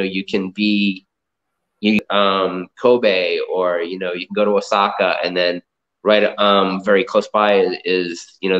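In a casual interview, a Boston-area entrepreneur who collects comic art rambles through stories, sprinkling in lots of "like" and "you know." His voice is fairly low with a fairly bright tone, and the dull, lo-fi sound suggests a video call.

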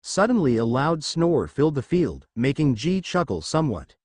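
A man narrating a fan fiction story in a brisk, matter-of-fact way. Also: fairly high pitch, sing-song, a little mellow, slightly rough, no room sound.

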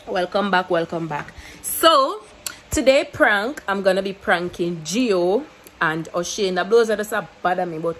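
A woman's voice: medium pitch, fairly bright tone, slight background noise, low-quality recording. A young woman with a Jamaican accent chatting casually to her camera, mixing English with patois and laughing often. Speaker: YouTuber. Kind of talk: casual vlog chat to camera.

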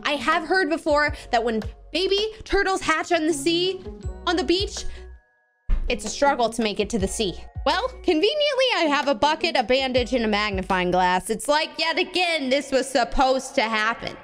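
A woman's voice: high-pitched, big pitch swings, moderate pace, fairly bright tone. A young woman hosting a gaming video, giving bubbly, gushing commentary as she plays and talking sweetly to the animals on screen. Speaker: gaming channel host. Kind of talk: playing a video game with live commentary. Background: background music.

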